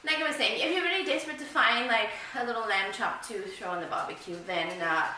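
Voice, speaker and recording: A woman's voice: a little high, a little fast, sharp tone, a little hiss or hum. A South African woman vlogging, casual and rambling, laughing at herself as she chats to the camera. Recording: very echoey room, mic far off.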